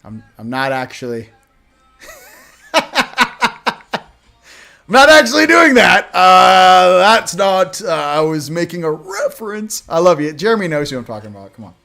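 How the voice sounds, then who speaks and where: A male host giving a casual oracle card reading, with sarcastic joking asides and slow, emphatic stresses on the card words. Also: on the high side, big pitch swings, a bit bright, soft background music.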